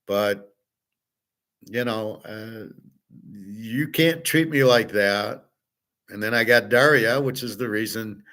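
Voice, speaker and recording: A man's voice: medium pitch, a bit bright. A middle-aged man hosting a casual monologue, rambling and blunt, swearing freely. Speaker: host.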